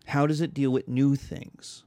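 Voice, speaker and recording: Male history teacher, mid-pitched, dry close sound, animated classroom storyteller. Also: measured pace, no echo. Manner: animated storytelling, acts out quarrels in voices. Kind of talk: classroom lecture.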